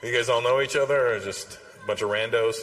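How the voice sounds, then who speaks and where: A man's voice: mid-range voice, steady tone, fairly quick. A man doing teasing stand-up crowd work, chatting and swearing with audience members. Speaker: stand-up comedian. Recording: live hall reverb with faint noise.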